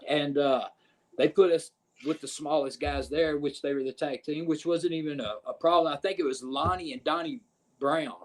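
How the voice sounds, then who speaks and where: A man's voice: a little high, moderate pace. A man, a pro wrestler telling stories as a podcast guest, cursing often and checking in with his listener. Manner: profane, animated, keeps saying "you know what I'm saying". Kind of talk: casual podcast storytelling.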